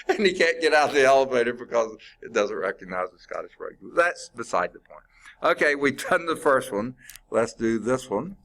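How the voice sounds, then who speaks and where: A man's voice: fairly low pitch, moderate pace, fairly bright tone. A male math instructor lecturing a class, working problems aloud, quizzing students and chatting informally with asides.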